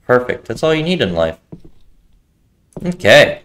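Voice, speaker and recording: A man's voice: medium pitch, very animated, a little slow, a bit bright. A man casually commenting while playing a horror game, muttering jokey reactions as he explores. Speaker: gaming video host. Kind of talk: casual let's-play commentary.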